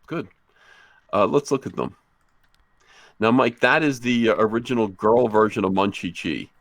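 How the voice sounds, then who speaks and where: Brief: man, low voice, dry close sound, deadpan joking livestream chat. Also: normal speed, no room sound. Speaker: comic book creator.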